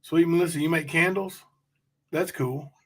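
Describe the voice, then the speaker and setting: A man's voice: a little high, fairly even intonation, moderate pace. A man hosting a casual livestream, chatting loosely and reading out viewer comments. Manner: chatty, rambling, addresses chat directly. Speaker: livestream host.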